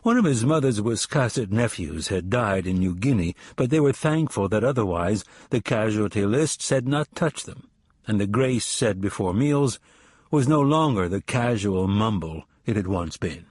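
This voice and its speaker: A man reading a spy thriller audiobook in a measured, even storytelling delivery. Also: lowish voice, no room sound, clean studio sound. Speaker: audiobook narrator. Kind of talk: scripted narration.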